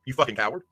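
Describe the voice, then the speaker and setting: A man's voice: mid-range voice, sharp tone, breathy edge, no room sound. A man delivering a profane, aggressive rant at a rival streamer, hurling insults. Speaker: livestreamer. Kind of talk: angry rant.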